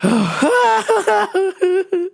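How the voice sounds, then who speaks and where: A woman's voice: extremely high pitch, drawn-out words, creaky. A woman who works in a store, bluntly and sarcastically telling stories about her customers in a casual vlog. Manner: animated, laughing, blunt and sarcastic.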